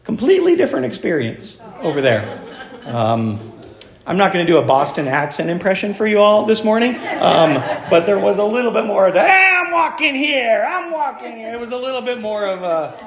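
Guy preaching a sermon, bit of a high voice, lots of uhs and restarts, roomy echo. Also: big pitch swings, brisk, gravelly. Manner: conversational, with fillers and restarts. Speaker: pastor. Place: church.

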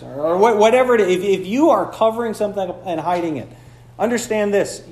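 A man's voice: high-pitched, lively intonation, fast, a little mellow, reverberant. A man from the Upper Peninsula of Michigan, preaching a conversational sermon with playful asides, recorded in a church. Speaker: pastor.

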